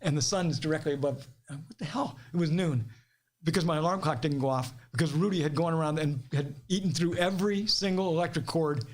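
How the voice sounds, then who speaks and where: A middle-aged man from Ohio with a high-pitched voice tells stories in a casual, animated way. He laughs easily and slips into other people's voices for the quotes. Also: a little fast. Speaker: podcast guest. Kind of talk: casual storytelling.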